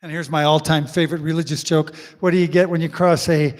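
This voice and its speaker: A man's voice: on the high side, flat delivery, quick pace. An older man hosting a living room concert from his home, chatting and telling jokes between songs in a folksy way. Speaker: musician and host of an online living room concert. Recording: long reverb with banjo music behind.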